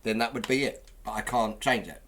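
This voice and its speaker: A man's voice: mid-range voice, a little fast, fairly bright tone, slight background noise. A man from England, a podcast co-host, arguing bluntly and with lots of swearing in a heated casual debate.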